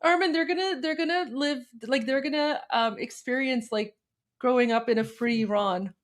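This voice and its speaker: A woman's voice: sits high, normal speed. A woman co-hosting a live show, chatting casually with many fillers. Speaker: co-host.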